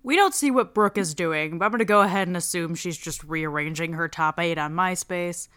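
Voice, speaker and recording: A woman's voice: on the low side, a little fast, fairly bright tone. A woman host recapping a reality show in a casual, crude, joking way. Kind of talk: comedic TV recap.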